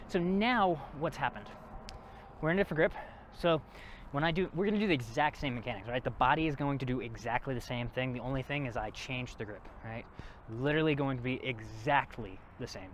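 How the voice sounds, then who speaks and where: A man's voice: medium pitch, fairly bright tone, slight background noise. A man teaching a martial arts class, counting reps aloud and explaining moves in a casual coaching way. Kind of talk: workout class instruction.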